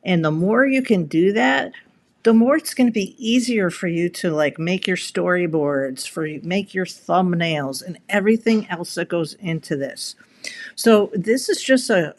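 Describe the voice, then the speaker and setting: A middle-aged woman in a casual live video, talking in a chatty, rambling way with lots of restarts and fillers. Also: on the low side. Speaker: content creator. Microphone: camera mic.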